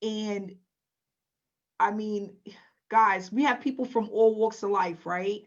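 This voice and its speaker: A woman's voice: mid-range voice, steady tone, slow pace. A woman hosting a webinar in an upbeat manner, calling on attendees by name. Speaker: webinar host. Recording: dull lo-fi audio.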